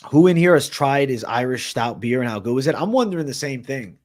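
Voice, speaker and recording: A man's voice: medium pitch, expressive, brisk, darkish tone. Boston guy streaming live, reads chat, swears a lot, chill everyday voice. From Massachusetts, raised in Florida. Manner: swears freely, reads and answers chat, says bro a lot. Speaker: livestream host. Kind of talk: casual livestream chat.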